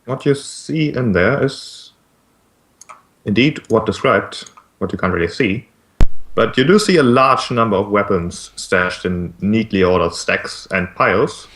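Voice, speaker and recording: A young man narrating a tabletop game as game master, in a relaxed, matter-of-fact way with some hesitant restarts. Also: on the low side, measured pace.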